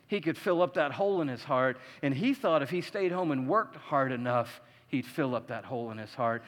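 Male preacher, high pitch, dynamic delivery, reverberant hall. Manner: dynamic, swings from hushed to loud emphatic; acts out quoted voices. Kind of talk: sermon.

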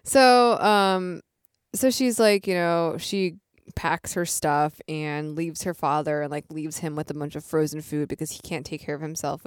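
Lower-voiced woman podcaster, chatty and dry-recorded. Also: smooth, no room sound. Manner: chatty and giggly, quick to react. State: tipsy from drinking. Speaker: podcast co-host. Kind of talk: casual chat.

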